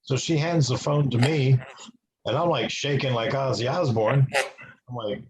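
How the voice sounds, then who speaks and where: A man's voice: mid-range voice, normal speed. A man giving an earnest personal testimony as an interview guest. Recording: noisy with clicks.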